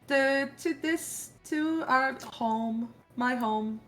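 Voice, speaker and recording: A woman's voice: high voice, extremely slow, fairly bright tone, faint music behind, full character voice. A woman voicing a friendly, polite male rat shopkeeper who gushes with thanks. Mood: cheerful.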